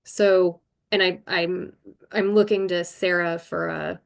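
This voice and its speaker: A woman's voice: on the low side, fairly even intonation, slow pace, vocal fry. A woman chairing a virtual board meeting, talking through procedure carefully and thinking aloud.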